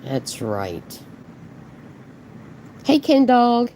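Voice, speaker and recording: A woman's voice: on the high side, wildly swooping pitch, extremely slow, creaky, dark tone, a little hiss or hum. A woman hosting a live reaction stream, mocking and swearing back at a clip while greeting her chat. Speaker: commentary streamer host.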